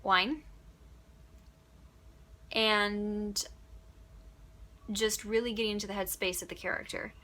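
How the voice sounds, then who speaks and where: A woman from Upstate New York who narrates audiobooks, answering questions in a chatty, animated way and laughing often. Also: medium pitch, takes it slowly, pauses often. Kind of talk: casual Q&A answers. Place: home closet used as a booth.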